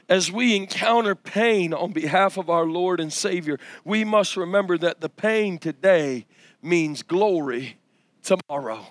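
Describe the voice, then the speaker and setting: Male pastor, 30s, high-voiced sermon delivery with shouted climaxes, dry close sound. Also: dry recording. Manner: preaching with rising shouts and drawn-out phrases. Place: church ballroom.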